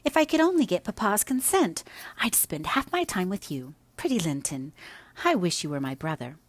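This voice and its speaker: A woman's voice: on the low side, very animated, moderate pace, dry recording, voice pushed up. A woman reading aloud, voicing an impulsive, spirited teenage girl who speaks earnestly. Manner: earnest, impetuous.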